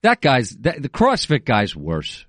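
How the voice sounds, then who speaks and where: A man with a mid-range voice and lively intonation, trading wry jabs as a podcast co-host. His voice is close and dry, with no room sound. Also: mid-range voice, a little slow, no echo. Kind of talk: casual comedic chat.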